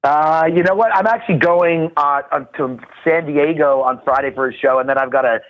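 A man's voice: a little high, highs cut off. A man, a comedian guest, joking through casual podcast banter. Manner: joking, animated, quick to do voices.

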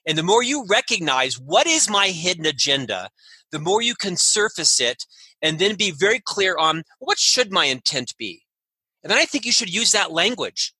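A man's voice: a little high, pushed and bright, breathy edge, dry recording. A man giving leadership advice in an interview, emphatic and often checking in with "right?". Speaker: leadership guest.

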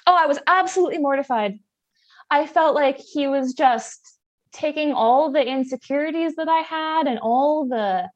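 A woman in her twenties telling a personal story in a lively, expressive, self-mocking way. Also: on the high side, lo-fi sound.

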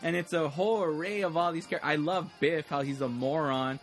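Rambling man with a high voice. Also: steady tone, fairly quick, faint music behind. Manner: rambling, acts out lines in quoted voices. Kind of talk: casual chat about a movie.

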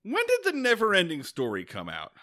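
A man co-hosting a casual movie podcast, excitable and prone to swearing as he recaps the plot. His voice sits a bit high and sounds bright and forceful. He swings his pitch around constantly as he gets worked up. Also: a little fast. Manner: excitable, swearing, animated retelling with acted-out quotes. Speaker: podcast co-host. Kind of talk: casual movie-review chat.

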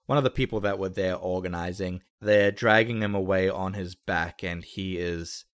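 A man's voice: low-pitched, fairly even intonation, moderate pace, smooth, no echo, clean studio sound. A man narrating a tabletop role-playing game as game master, describing scenes vividly with some hesitant restarts.

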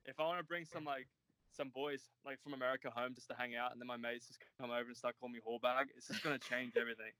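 A man's voice: mid-range voice, steady tone, fast talker, pushed and bright, dry recording, rough recording. A young man in his twenties with an Australian accent, chatting loosely as a podcast guest, filling his answers with "like" and "uh". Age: 20s. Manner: laid-back and rambling, heavy on "like" and "uh". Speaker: podcast guest, college runner. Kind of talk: casual interview chat.

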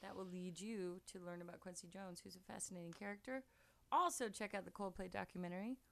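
A woman co-hosting a podcast, playful and quick to joke in casual chat. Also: fairly low pitch, fairly even intonation, vocal fry, fairly bright tone. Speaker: podcast co-host.

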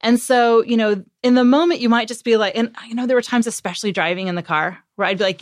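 A woman guest on a podcast interview speaks fast and at a fairly high pitch, with few pauses, in a studio-quality recording with no room sound. Talking casually as a parenting author, she's a lively storyteller who acts out what she and her kids said, filling her conversation with fillers and laughs.

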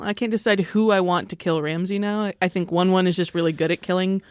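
A man's voice: sits high, fast, hardly any pauses, dry recording, clean studio sound. A man co-hosting a podcast in casual talk about a TV show, wry and reading out his own notes. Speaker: podcast co-host. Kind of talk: casual TV recap chat.

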